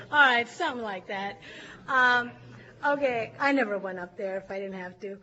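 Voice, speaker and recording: A woman with a high, bright voice tells a story to a group, animated and quick to laugh. Her voice comes through a dull, lo-fi recording. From California. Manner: lively, laughs often, acts out shouting crowds. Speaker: speaker sharing a recovery story.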